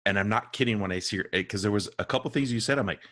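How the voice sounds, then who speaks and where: A man's voice: on the low side, rapid-fire, bright, forceful tone. A man hosting a podcast, asking questions in a friendly, enthusiastic way and saying "dude" a lot. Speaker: podcast host. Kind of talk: casual interview chat.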